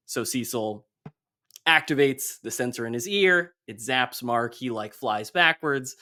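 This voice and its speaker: A man hosts a casual podcast, walking his co-hosts through a comic book storyline with lively energy. He slips into quick bits of dialogue for each character as he goes. His voice sits at an ordinary middle pitch. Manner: animated storytelling, acting out comic dialogue in passing. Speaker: podcast host.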